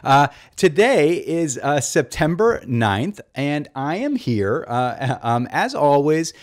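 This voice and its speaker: Rambling deadpan comedy show host, man. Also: a little high, slow. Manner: rambling, full of fillers and restarts, deadpan. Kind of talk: mock-earnest comedy monologue.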